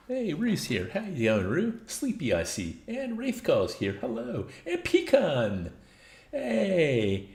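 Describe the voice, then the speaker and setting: A man's voice: mid-range voice, gravelly, darkish tone, echoey room. A man streaming a video game, casually chatting with viewers and laughing at himself. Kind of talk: casual gameplay commentary.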